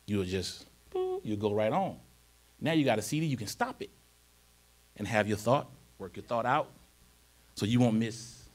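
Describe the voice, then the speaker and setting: Unhurried and pausing often, a male pastor with a fairly low, expressive voice preaches a conversational church sermon. He frequently asks whether the congregation follows him, and scripture readings bring out a more emphatic, louder delivery.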